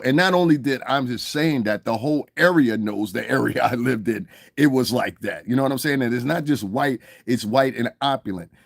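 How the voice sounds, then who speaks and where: A man's voice: medium pitch, gravelly, dry recording, clean studio sound. A man delivering a casual, profane monologue rant to his viewers, often asking "you understand what I'm saying" and chuckling between points. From United States. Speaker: commentary vlogger.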